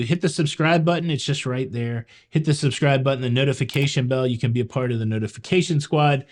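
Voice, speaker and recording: A man's voice: medium pitch, a little mellow. A man from the American South with a Southern accent, hosting a cruise news show in a joking, wisecracking way and talking straight to viewers. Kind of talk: casual news commentary.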